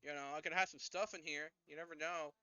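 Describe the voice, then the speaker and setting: A man's voice: on the high side, steady tone, fast talker, bright, forceful tone, voice pushed up. A man playing a shifty adult man trapped in a coffin, evasive and overly friendly as he pleads to be let out. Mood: wheedling. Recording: dull lo-fi dry recording.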